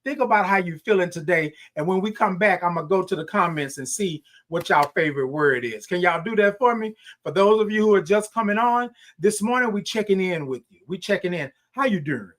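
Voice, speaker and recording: A man's voice: sits high, a little fast, hardly any pauses, fairly bright tone. A man hosting a morning livestream show, chatting casually with viewers, reading their comments and calling back to them with a lot of repetition and laughter. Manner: upbeat, repetitive, call-and-response, frequent laughs.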